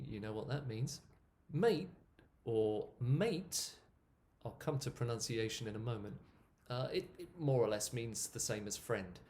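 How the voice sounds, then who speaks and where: Man teaching English pronunciation. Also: medium pitch. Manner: relaxed, repeats words to demonstrate pronunciation. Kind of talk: explaining English usage.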